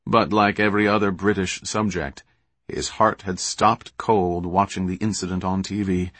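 A man narrating an audiobook in a steady, even reading. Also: sits low, moderate pace, dry recording.

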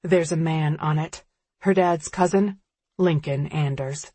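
A woman reading an audiobook in the first person, measured and tense. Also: deep voice, warm tone, husky, no room sound. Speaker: audiobook narrator.

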